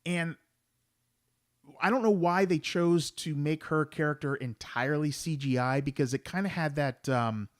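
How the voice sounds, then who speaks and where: A man's voice: on the high side, normal speed, no echo, studio quality. A man co-hosting a movie podcast in laid-back casual chat, hesitating often. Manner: laid-back, many ums and uhs. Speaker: podcast co-host.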